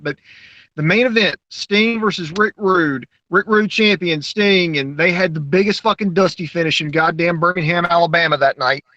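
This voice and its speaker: A man co-hosting a casual podcast, telling stories in a profane, animated way. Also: high-pitched, dry recording, dull audio. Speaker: co-host. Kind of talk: casual podcast chat, storytelling.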